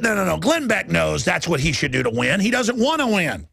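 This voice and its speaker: A male radio talk show host delivering a combative, mocking monologue with a raspy, gravelly voice. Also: sits high, big pitch swings, brisk, sharp tone, dry recording.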